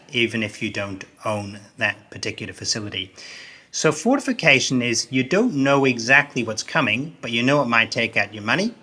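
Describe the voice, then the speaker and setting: Bright-voiced man consultant, emphatic. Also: mid-range voice. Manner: emphatic, repeats key phrases. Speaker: business consultant. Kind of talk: explanatory interview answers.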